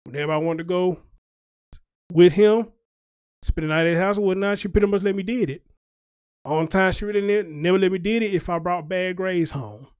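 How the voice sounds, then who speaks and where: Male show host, high-pitched, dry close sound, preachy emphatic rant. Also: fairly quick, a little mellow, clean tone, no room sound. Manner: emphatic, preachy, seeking agreement with the audience. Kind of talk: casual ranting commentary.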